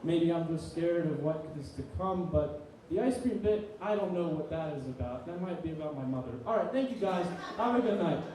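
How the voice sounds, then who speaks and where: Echoey, distant young stand-up comic. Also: male voice, on the high side, animated, fairly quick, few pauses, background noise. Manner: rambling, profane, self-deprecating storytelling. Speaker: student stand-up comedian. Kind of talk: stand-up comedy set. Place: small live comedy venue. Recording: very echoey room, distant mic.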